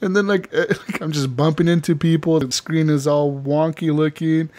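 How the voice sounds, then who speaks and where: A man hosting a casual gaming podcast, telling animated stories and laughing often. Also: a little high, moderate pace. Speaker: podcast host. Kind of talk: casual chat.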